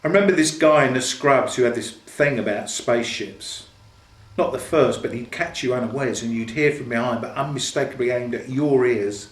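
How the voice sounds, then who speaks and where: An older man from London reads aloud from his own memoir at an indoor event. His storytelling is dry and understated, with a middle-pitched voice. The room adds a clear echo. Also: normal speed. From London, England. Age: 60s. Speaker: author. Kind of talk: book reading. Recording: echoey room.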